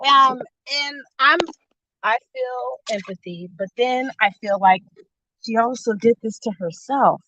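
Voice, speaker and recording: A woman vlogger greets her live-stream viewers and dishes gossipy commentary on online drama, sounding winded and out of breath. Her voice is a little high, bright, and forceful at a measured pace. It's recorded on a phone, with a dull, dry, lo-fi sound.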